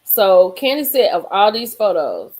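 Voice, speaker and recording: A woman hosting a casual live stream from a car, reading gossip aloud and reacting with sudden high exclamations and low murmurs. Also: unhurried, rough recording. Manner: animated, swings into high exclaims and drops to murmurs.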